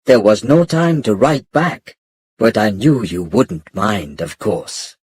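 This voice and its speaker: Male narrator for learner audiobook, slow, lively pitch, breathy, dry booth sound. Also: no echo. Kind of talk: scripted narration of a graded reader.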